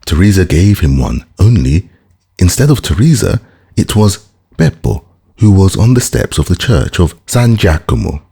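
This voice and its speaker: A man's voice: low-pitched, lively intonation, moderate pace, gravelly, dark tone, slightly rough, pitched above the performer's own voice, exaggerated voice. A man reading an audiobook, voicing a grateful young bandit messenger who speaks earnestly and deferentially.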